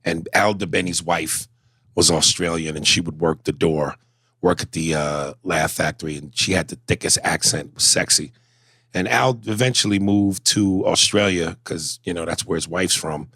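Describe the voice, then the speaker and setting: A lively man chatting on a podcast, low-pitched in his everyday talk but prone to leaping up into high impression voices. He sounds close and dry, with no room around him. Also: normal speed, husky, dry recording. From United States. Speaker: podcast co-host. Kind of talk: casual podcast banter.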